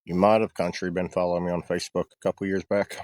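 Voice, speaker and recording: A man's voice: low voice, little pitch movement, fast, darkish tone, no room sound. A man ranting on his livestream in a heated, profane, defensive way. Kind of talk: casual livestream rant.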